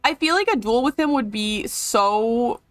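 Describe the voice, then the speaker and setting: An excitable woman commentating on a video game during a live stream, chatting freely and swearing. Her voice sits fairly high and leaps around in pitch. The sound is close and dry, with faint game music underneath. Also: unhurried, dry recording.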